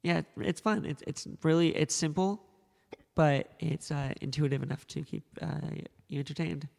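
A man's voice: fairly high pitch, normal speed, vocal fry, darkish tone, in a large hall. A man co-hosting a casual podcast, telling joking, rambling stories. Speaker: podcast co-host.

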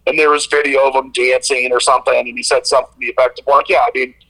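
A man co-hosting a sports podcast, telling stories in a rambling, animated way with lots of fillers. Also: mid-range voice, fast, rough recording. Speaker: podcast co-host. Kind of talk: casual sports chat.

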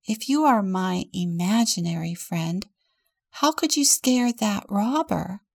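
A woman voicing a bossy, imaginative little girl from a storybook, lively and commanding. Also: medium pitch, slow, creaky, dry recording, studio quality, full character voice.

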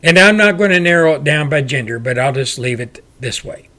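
Male host, forceful ranter, slightly high voice. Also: expressive, fairly quick. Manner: loud, forceful, ranting delivery. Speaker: show host. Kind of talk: political commentary monologue.

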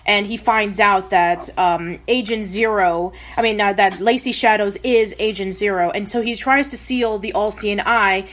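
A woman's voice: mid-range voice, normal speed, hardly any pauses, a bit bright. A woman co-hosting a casual podcast, walking through a plot at length with fillers. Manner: recaps plots at length with fillers. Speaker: podcast co-host.

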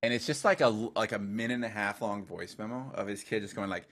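A man, a dubstep producer as a guest, chatting casually and telling animated stories with lots of fillers and swearing. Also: fairly low pitch, fast. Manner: animated storyteller, heavy filler use, swears. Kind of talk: casual interview chat.

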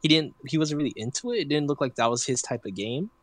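A young man talks soccer with friends in an animated, casual way. His voice swoops up and down as he gets excited. The sound is dry and close. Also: quick pace, no room sound. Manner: animated, jumps up in pitch when excited.

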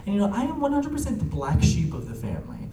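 A young man telling family stories in casual chat, animated and laughing often, with lots of fillers. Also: sits high, fast talker, a little hiss or hum. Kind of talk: casual storytelling. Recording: echoey room, a bit far from the mic.

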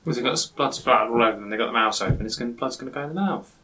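A man in a casual podcast chat, throwing in quick argumentative interjections. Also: mid-range voice, bright, forceful tone.

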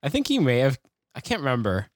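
A man co-hosting a podcast in casual chat, laid-back and quick to laugh. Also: mid-range voice, wildly swooping pitch, no room sound, clean studio sound. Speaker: podcast co-host.

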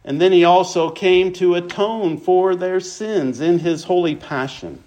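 A man's voice: measured pace, a little mellow. A man preaching a sermon, reading scripture aloud and explaining it verse by verse, lifting his voice for emphasis. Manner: expository preaching, reads scripture aloud, rises in pitch for emphasis.

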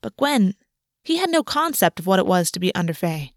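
A woman narrating a fantasy novel chapter in a steady, even reading voice. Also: medium pitch, brisk, no room sound, clean studio sound. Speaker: audiobook narrator. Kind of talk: scripted narration.

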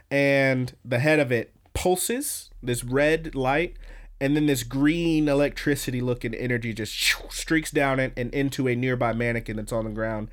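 A man's voice: mid-range voice, steady tone, normal speed. A man hosting a podcast, casually recapping an anime episode in a rambling, profane way with lots of fillers and restarts. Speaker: podcast host.

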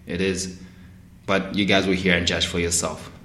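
A man's voice: deep voice, level tone, moderate pace, fairly bright tone, roomy sound. A man hosting a podcast in casual, slangy chat, laughing often. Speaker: podcast host.

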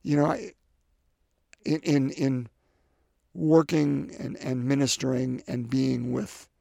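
A man preaching a sermon in an earnest way, repeating his phrases and swinging between loud emphasis and soft, quiet lines. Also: mid-range voice, level tone, slow, gravelly, dry recording, clean studio sound.

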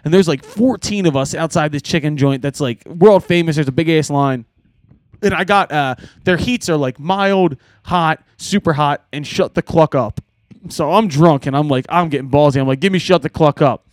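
A man on a podcast casually telling band road stories, animated and swearing, laughing often. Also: on the high side, moderate pace, no echo. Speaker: podcast co-host and band member. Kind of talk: casual storytelling chat.

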